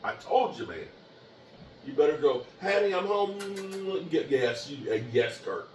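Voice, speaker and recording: A man hosting his own podcast, ranting animatedly and taunting rival fans in a loud, fired-up sports rant. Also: mid-range voice, animated, unhurried, far from the mic, a little hiss or hum. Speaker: podcast host. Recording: echoey room, voice off-mic, faint ambience.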